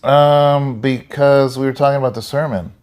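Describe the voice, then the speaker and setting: A man's voice: mid-range voice, steady tone, normal speed, a little mellow, clear, resonant tone. A man who is a pastor, chatting casually with his wife and cutting in with short remarks. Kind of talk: casual chat.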